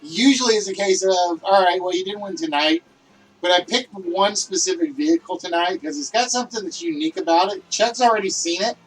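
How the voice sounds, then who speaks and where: A man hosting a livestreamed list game show, talking loudly and excitably and chatting with his viewers. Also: sits high, brisk, breathy edge, distant mic, low-quality recording.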